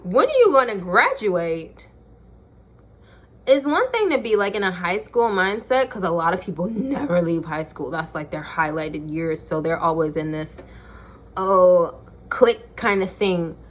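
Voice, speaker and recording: Talking casually into her phone camera, a young woman vlogger makes her case in an emphatic, preachy way, repeating points for effect. Her voice is on the low side and animated, and she keeps a measured pace.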